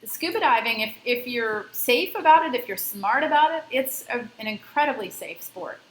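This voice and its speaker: A woman's voice: on the high side, lively intonation, normal speed, a bit bright, reverberant, a little hiss or hum, rough recording. A woman scuba instructor lecturing a class, telling a personal story in a conversational way and stressing safety. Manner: conversational, emphatic about safety.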